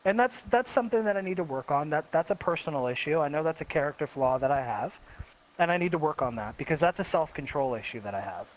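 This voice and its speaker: A man's voice: a little high, lively intonation, fast talker. A man hosting a casual chat, talking emphatically and repeating himself as he reflects. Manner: emphatic, repetitive self-reflection. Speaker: host. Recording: dull lo-fi sound with faint hiss.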